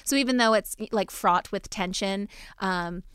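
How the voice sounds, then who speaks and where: A woman hosting a casual movie podcast, wry and quick to laugh. Her voice is smooth and even, and the recording is dry and close. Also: mid-range voice, no echo. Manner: wry, laughs often, runs the segments. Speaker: podcast host. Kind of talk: casual movie recap chat.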